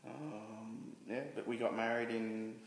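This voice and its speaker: A man being interviewed as a guest, telling a personal story candidly, halting and restarting with many fillers. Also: lowish voice, little pitch movement. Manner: halting, frequent restarts and "you know" fillers. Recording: roomy reverberant room with faint noise.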